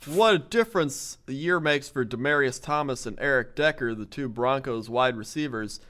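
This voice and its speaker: A man's voice: mid-range voice, moderate pace, fairly bright tone. A man co-hosting a podcast, laid-back and chuckling as he reads out news bits. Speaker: podcast co-host. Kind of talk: casual comedic chat.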